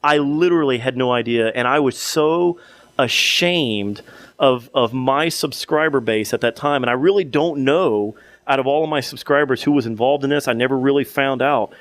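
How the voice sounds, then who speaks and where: A man's voice: mid-range voice, normal speed, no room sound. A young man co-hosting a podcast, telling a long story in casual chat with many restarts and fillers. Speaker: podcast co-host.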